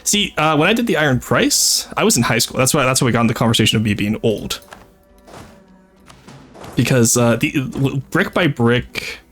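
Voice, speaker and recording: A man's voice: mid-range voice, fairly quick, long pauses, fairly bright tone, faint music behind. A French Canadian man streaming a strategy game, rambling and chatty, swearing freely and laughing often. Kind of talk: casual live-stream chat with game commentary.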